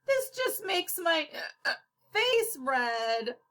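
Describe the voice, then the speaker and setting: A woman's voice: extremely high pitch, sing-song, very slow, fairly bright tone, voice pushed up, full character voice. A woman voicing an anxious grown man plagued by hiccups, gasping and whimpering as she reads a storybook aloud. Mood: upset whimpering. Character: anxious townsman with hiccups, male adult.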